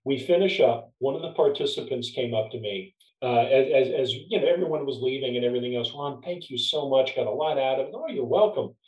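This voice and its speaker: Man, leadership trainer, podcast guest, warm storytelling, roomy sound, off-mic. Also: medium pitch, animated, brisk, hardly any pauses, recorded from a distance. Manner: storytelling, warm, restarts words. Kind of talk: casual podcast chat.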